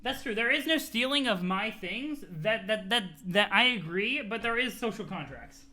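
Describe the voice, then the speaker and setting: A man casually reacting to a webcomic on a live stream, excitable and quick to laugh. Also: sits high.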